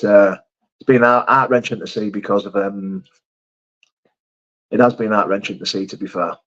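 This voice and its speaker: Man, live-stream host, casual, reads comments out, swears, mid pitch, slightly muffled lo-fi audio. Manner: reads viewer comments aloud and answers them, swearing freely. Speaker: livestream host.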